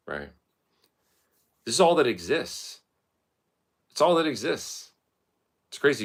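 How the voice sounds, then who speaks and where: A man talking to camera late at night in his art studio, rambling and swearing, often jumping into high mocking voices. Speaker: vlogger.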